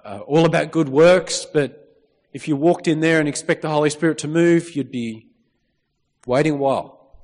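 A man preaching a sermon in a church, reading scripture and calling out for amens from the congregation. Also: fairly high pitch. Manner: lively, calls out for amens, reads scripture. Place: church hall. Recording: long reverb of a church hall.

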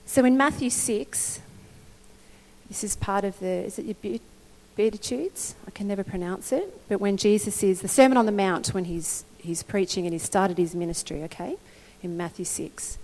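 A middle-aged woman preaching a sermon in an animated, conversational way, often checking in with her listeners. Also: medium pitch, moderate pace. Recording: long hall reverb.

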